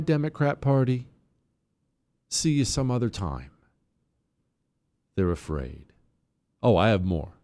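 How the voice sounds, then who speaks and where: A man's voice: medium pitch, a little mellow, smooth. A man hosting a political talk radio show, delivering a combative, sarcastic monologue with heavy emphasis.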